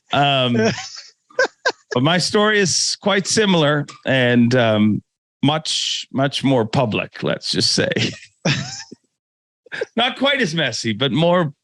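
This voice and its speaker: A man hosting a podcast, chatting casually in an animated, laughing way with the odd swear word. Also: fairly high pitch, drawn-out words, long pauses, no echo. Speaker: podcast host. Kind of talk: casual chat.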